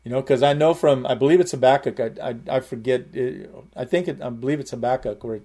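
A man's voice: medium pitch, quick pace, warm tone. A man preaching a sermon, explaining Greek words and repeating key phrases with emphatic rises. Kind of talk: sermon with word study.

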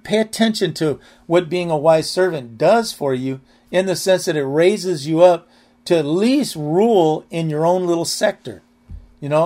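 A man's voice: high-pitched, a little mellow. An older man teaching a Bible study in a rambling, anecdotal, earnest way.

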